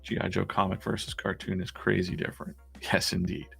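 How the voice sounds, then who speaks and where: A man's voice: deep voice, flat delivery, brisk, creaky, a bit bright, soft background music. A man hosting a casual live stream as a comic artist, chatting in a rambling way with many restarts.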